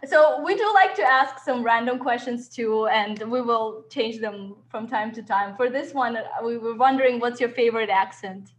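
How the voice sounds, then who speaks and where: A woman co-hosts a casual interview and keeps the talk light, often giggling. Her voice sits a little higher than most women's. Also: moderate pace, few pauses, slight background noise. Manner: giggly, upbeat, often laughing between phrases. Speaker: podcast co-host.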